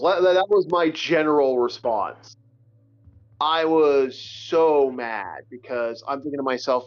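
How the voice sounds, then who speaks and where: A man's voice: on the high side, animated, measured pace, faint music behind. A man co-hosting a podcast, ranting angrily in casual chat, swearing and restarting his sentences often. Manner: profane, heated ranting with many restarts. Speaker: podcast co-host. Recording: dull lo-fi audio.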